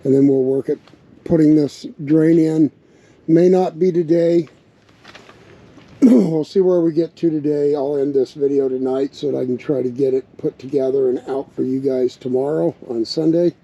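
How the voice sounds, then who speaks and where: A man in a relaxed, casual vlog, thinking aloud as he talks through a project outdoors, with a slight bark in his voice. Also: fairly high pitch, moderate pace. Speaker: RV vlogger building a truck tank. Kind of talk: casual workshop vlog narration. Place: outdoors at a windy campsite. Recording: dull lo-fi outdoor recording with wind noise.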